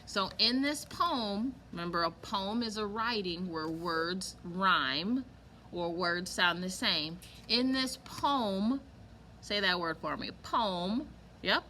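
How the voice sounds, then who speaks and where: A young woman teaches a recorded kindergarten lesson, drawing her words out slowly for little listeners. Her voice is bright and forward, and a faint background noise sits under it. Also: medium pitch. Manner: slow, clear and encouraging, stretching words for small children.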